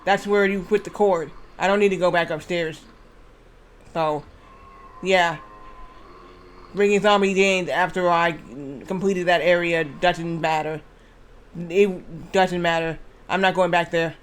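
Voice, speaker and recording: A man's voice: sits high, fairly even intonation, unhurried, pauses often, a bit bright, a little hiss or hum. A man streaming a game, chatting in a rambling, casual way with restarts and frequent swearing. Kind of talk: casual gameplay commentary.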